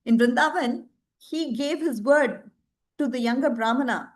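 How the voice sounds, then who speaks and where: High-voiced woman telling a devotional story. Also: measured pace. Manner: expressive, rhetorical questions to listeners.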